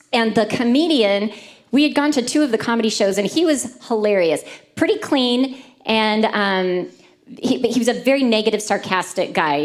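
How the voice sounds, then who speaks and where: A woman preaching at a church service, telling personal stories in a lively, conversational way. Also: medium pitch. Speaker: church speaker. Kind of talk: sermon with personal storytelling.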